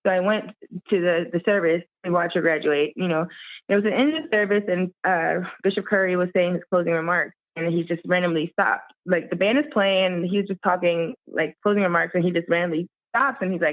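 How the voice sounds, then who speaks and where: Animated woman storyteller on a tinny line. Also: fairly low pitch, fast. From Miami. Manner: animated, acts out quoted voices. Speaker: guest musician. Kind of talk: storytelling in an interview.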